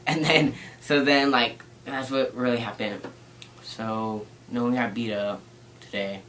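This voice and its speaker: A man's voice: mid-range voice, steady tone, measured pace, fairly bright tone, a little hiss or hum, poor audio. A teenage boy telling a story in a casual vlog, rambling with lots of "like" and a playful tone. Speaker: vlogger.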